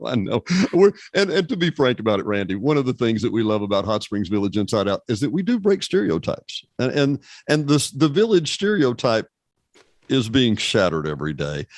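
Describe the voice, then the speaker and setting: Man, podcast host, playful, animated pitch, dry close sound. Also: no room sound. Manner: joking, playful. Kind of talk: casual chat.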